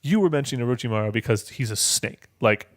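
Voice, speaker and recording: A man's voice: mid-range voice, animated, fast, dry recording, clean studio sound. A man co-hosting a podcast in casual chat, making his points emphatically and repeating them. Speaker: podcast co-host.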